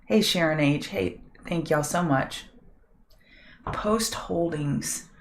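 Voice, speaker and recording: A middle-aged woman with a low, slightly scratchy voice speaks at a slow pace. She hosts a live market prep show, chatting with viewers and thinking aloud as she goes over charts.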